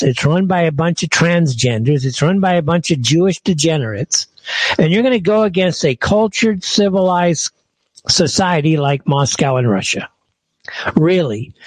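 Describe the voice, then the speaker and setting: A man's voice: on the high side, no room sound, rough recording. A man hosting a podcast, ranting in an angry, scornful commentary monologue. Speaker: podcast host.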